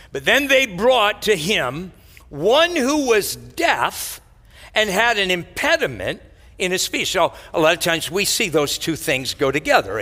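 A man preaching a verse-by-verse sermon, his voice somewhat high and bright. He hesitates often on filler sounds and restarts, and he poses rhetorical questions to the listeners. A long hall reverb follows each phrase, as in a large church hall. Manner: halting, many filler words and restarts. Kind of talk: expository sermon.

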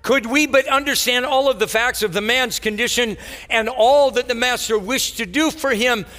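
A man preaching an expository sermon, halting often with filler words and restarts and asking rhetorical questions. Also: extremely high pitch, bright, forceful tone. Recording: long hall reverb.

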